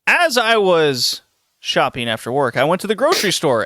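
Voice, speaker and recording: A man hosting a podcast, telling a story in a casual, animated way with lots of laughs and restarts. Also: a little high, normal speed, dry recording, studio quality. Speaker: podcast host.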